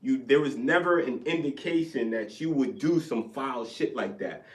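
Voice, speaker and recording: A young man tells a story with plenty of swearing, acting out each side of an argument. He talks in a middle-pitched voice and sits a little back from the mic. The room adds a roomy echo. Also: moderate pace, distant mic. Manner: animated, profane, acts out both sides of arguments. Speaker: podcast co-host. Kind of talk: casual storytelling chat.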